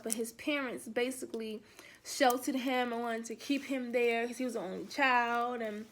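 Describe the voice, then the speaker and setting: High-voiced young woman telling a story. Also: a little fast. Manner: animated retelling that acts out quoted dialogue, with casual slang. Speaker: vlogger. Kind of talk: casual storytime vlog.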